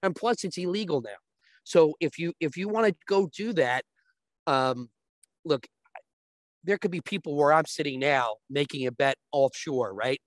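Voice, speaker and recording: A man's voice: on the high side, animated, normal speed, no echo. Man explaining sports betting, dry sound. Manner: talks in long explanations, frequent restarts. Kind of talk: casual explanatory chat.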